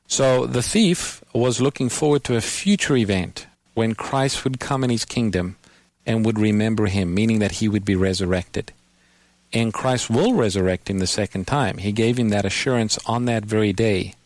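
A man's voice: lowish voice, darkish tone, dry recording. A man hosting a radio Bible call-in program, patiently explaining scripture to a caller and quoting verses.

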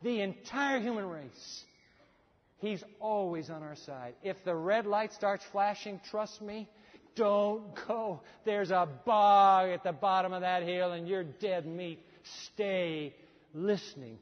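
A man preaching a sermon as pastor, telling a story with animated voices for the people in it. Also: high-pitched, slow pace. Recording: dull sound with long hall reverb.

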